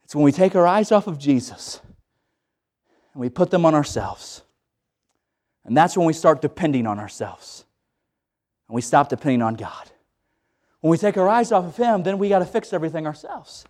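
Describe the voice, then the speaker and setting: High-voiced man preaching, folksy and dramatic. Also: lively intonation, normal speed, pauses often, darkish tone. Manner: folksy and dramatic, acts out scenes. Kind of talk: sermon.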